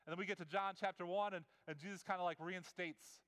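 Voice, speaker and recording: A man's voice: sits high, fairly even intonation, quick pace, a bit bright, smooth, long reverb tail. A man preaching a sermon in a casual storytelling way, acting out the quotes. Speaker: pastor.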